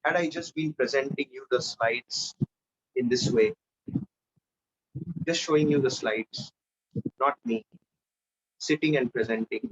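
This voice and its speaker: A man leading a live online public speaking training, energetic and animated, swinging between loud and soft for emphasis. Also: mid-range voice, unhurried, pauses often, breathy edge, poor audio.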